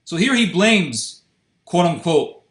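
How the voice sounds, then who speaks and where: A man's voice: sits high, sing-song, slow, fairly bright tone. Man pressing hard as interviewer. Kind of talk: confrontational interview. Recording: roomy echoey sound.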